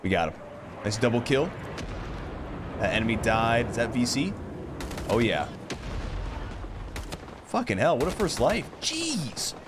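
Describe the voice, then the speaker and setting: A man's voice: medium pitch, expressive, measured pace, pauses often, background noise. A man giving live commentary over his own gameplay, exclaiming and swearing as the action unfolds. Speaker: gaming video host.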